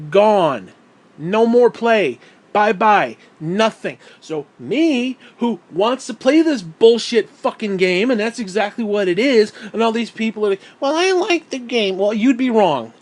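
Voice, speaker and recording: Angry gamer guy with a higher-pitched voice, profane ranting monologue, recorded at home. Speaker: gaming YouTuber. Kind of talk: angry gaming rant.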